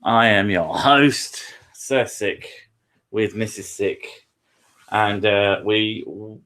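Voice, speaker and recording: A man's voice: on the low side, drawn-out words, a bit bright. A man, hosting a live stream from his living room with crude, self-mocking banter. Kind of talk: casual live-stream chat.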